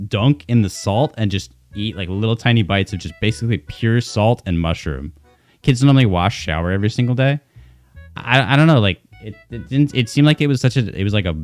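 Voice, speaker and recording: A young man streamer rambling through a funny story, animated and cursing freely, full of restarts. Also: fairly low pitch. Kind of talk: casual storytelling.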